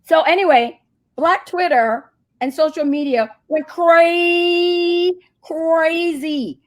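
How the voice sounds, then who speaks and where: A woman's voice: very high-pitched, slow. A woman, a marketing agency CEO, telling a story as a guest in a casual interview and acting out the voices she quotes. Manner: animated, acts out quoted voices.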